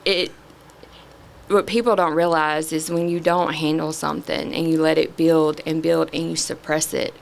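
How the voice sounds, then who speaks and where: A middle-aged woman, a podcast guest, sharing a candid personal testimony in an earnest, halting way with many pauses. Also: deep voice, little pitch movement, creaky, a little hiss or hum.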